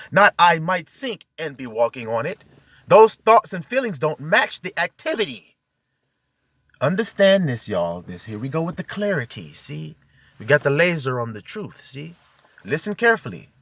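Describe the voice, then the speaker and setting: Man preacher, highish lively voice, exhorting and fired up, recorded dry inside a car. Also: no echo. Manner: exhorting, fired-up, peppered with rhetorical questions to the audience. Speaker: self-styled preacher. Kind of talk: impassioned spiritual monologue.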